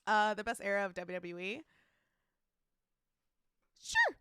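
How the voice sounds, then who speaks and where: A woman's voice: medium pitch, steady tone, fast talker, a bit bright, clear, resonant tone, no room sound, studio quality. A woman streaming live, chatting casually, reading out chat messages and greeting viewers by name, laughing often.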